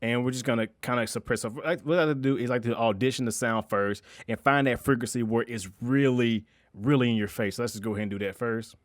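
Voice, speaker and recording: A young man talks through a production tutorial at a quick clip. He speaks in a loose, slangy way and restarts his sentences often. The voice sounds dry and close, with little room around it. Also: mid-range voice, no room sound. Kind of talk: casual screen-recorded tutorial.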